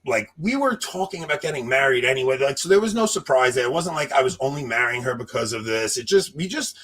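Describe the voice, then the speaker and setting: A man in his thirties telling a long personal story in casual chat, animated and laughing, acting out what people said. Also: mid-range voice, fast talker. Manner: animated, laughing, acts out quotes. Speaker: podcast co-host telling a story.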